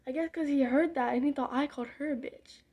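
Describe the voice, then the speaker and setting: A woman's voice: high voice, fairly even intonation, fast, warm tone. A young woman telling a rambling, candid story in casual vlog style while doing her makeup, with muttered side remarks. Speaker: vlogger.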